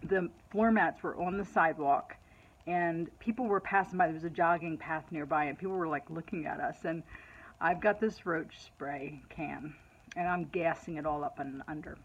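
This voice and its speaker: A woman's voice: low voice, normal speed, lo-fi sound. Chatty middle-aged woman telling a story. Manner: chatty and animated, laughs at her own story. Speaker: vlogger. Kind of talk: casual personal storytelling to camera.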